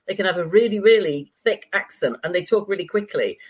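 A middle-aged woman from the UK with a standard British accent, a former journalist chatting as a guest, chatty and quick to laugh. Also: medium pitch, animated, a little hiss or hum. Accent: standard British (BBC English). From United Kingdom. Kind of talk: casual interview chat.

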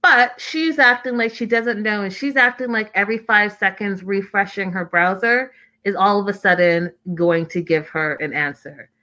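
A woman's voice: mid-range voice, moderate pace, bright, forceful tone. A woman giving a casual, opinionated recap of a reality TV show, stressing points by repeating words.

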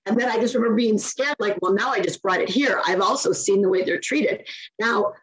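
Animated woman telling stories. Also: medium pitch, a little fast, a little hiss or hum, poor audio. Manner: animated storyteller, acts out quoted speech. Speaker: guest, nonprofit founder. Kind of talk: casual interview chat.

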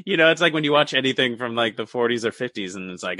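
A man co-hosting a podcast, chatting about a film, animated and swearing freely as he mocks the characters. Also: medium pitch, fast talker, dry recording. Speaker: podcast co-host. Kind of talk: casual chat recapping a film.

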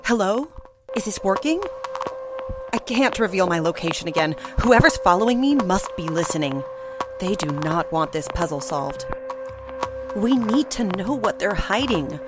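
A woman voicing a secretive figure on the run who leaves puzzle clues in an urgent, hushed manner. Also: mid-range voice, animated, normal speed, lightly acted. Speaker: mysterious voice in a podcast puzzle segment. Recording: clip with loud music behind.

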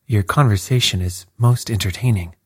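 A man voicing a calm, blandly ironic detective who speaks quietly, with a husky voice. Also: lowish voice, normal speed, no echo, studio quality. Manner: quiet and unruffled.

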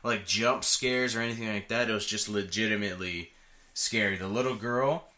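A man co-hosting a podcast in casual chat, laid-back, swearing freely and tossing in quick agreeing asides. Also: on the low side, pushed and bright. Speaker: podcast co-host.

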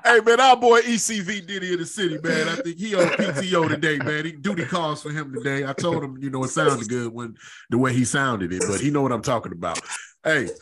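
A man's voice: fairly high pitch, brisk, a crowd in the background. Slangy, hyped man hosting a podcast. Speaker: podcast host. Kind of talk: casual show intro and chat.

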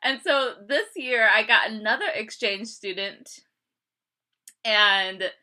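A woman's voice: fairly high pitch, slow pace, sharp tone. An American woman co-hosting a casual book podcast, giggly and laughing often, full of "like" fillers. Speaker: podcast co-host.

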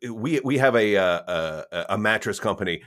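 A man with a low voice, chatting casually on a podcast. He tells wry, anecdotal stories, drifting from deadpan asides into animated retellings. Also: normal speed. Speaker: podcast co-host. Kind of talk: casual chat.

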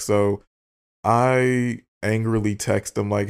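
A man's voice: lowish voice, fairly even intonation, measured pace, gravelly. A young man hosting a podcast, casually telling a story in a candid, profane way and acting out both sides of his text exchanges. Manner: candid, swears freely, acts out both sides of texts. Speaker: podcast host.

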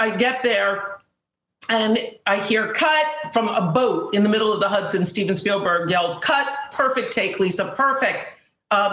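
A woman guest telling a lively anecdote in casual talk, acting out the people she quotes. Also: mid-range voice, reverberant. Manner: animated storyteller, acts out quotes.

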